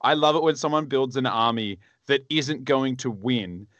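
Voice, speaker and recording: Man co-host, from Australia, casual chat, rambling and profane, medium pitch, dry close mic. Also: normal speed, a bit bright, no room sound, muffled recording. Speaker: podcast co-host.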